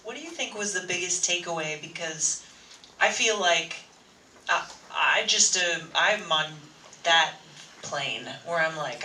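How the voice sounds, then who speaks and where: An excitable man moderates a convention panel, his voice pitched high for a man and piercingly bright. He sounds far from the mic, the words ringing around a big hall. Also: a little slow, a little hiss or hum. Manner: excitable, enthusiastic.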